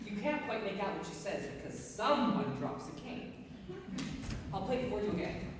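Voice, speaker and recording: A man's voice: high voice, very animated, normal speed. A young male student actor playing a lonely, rambling theatre fan who confides in the audience on a school stage. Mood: confiding. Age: teens. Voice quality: confiding, rambling, self-mocking. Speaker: narrator character in a stage musical. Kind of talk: live stage acting. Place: large school auditorium stage. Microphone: distant stage mics. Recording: echoey hall from far off with noise.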